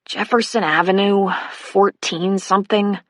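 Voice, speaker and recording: A woman's voice: fairly even intonation, unhurried, fairly bright tone, no echo, close to an everyday voice. A woman voicing a sulky teenage boy who whines and pleads in a raised voice. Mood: sulky whining. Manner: whiny, higher pleading voice.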